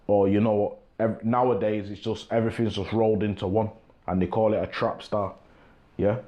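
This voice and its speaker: A young man from England talks to camera in a laid-back monologue. His voice sits low and dark, and he keeps checking in with his listener as he goes. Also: little pitch movement, moderate pace. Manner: laid-back, repeats "you get me" often. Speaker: talk show host.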